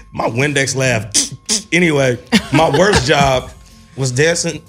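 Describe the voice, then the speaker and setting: A man's voice: medium pitch, fairly bright tone. A young man from Gary, Indiana, co-hosting a casual radio chat, reading questions and joking loosely with plenty of profanity.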